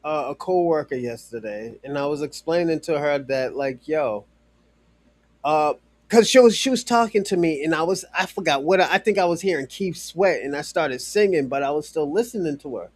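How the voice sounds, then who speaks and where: A man's voice: a little high, moderate pace, no room sound. A man chatting casually on a live stream, rambling with many fillers and restarts, swearing freely and talking straight to a viewer in chat.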